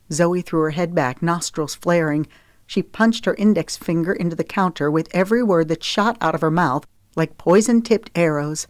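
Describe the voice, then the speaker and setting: A woman narrating an audiobook in a steady, measured read. Her voice sits on the lower side, and the recording is dry and close with no room echo. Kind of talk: scripted narration.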